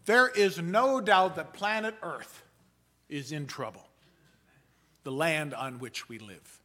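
A man preaching a sermon in a measured, earnest way, slowing down to stress key points. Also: a little high, bright, forceful tone. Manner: measured, earnest delivery that slows for emphasis.

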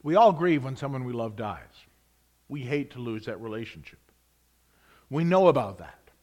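A man preaching a sermon, swinging between loud emphasis and hushed whispers, reading scripture with rising excitement. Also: mid-range voice.

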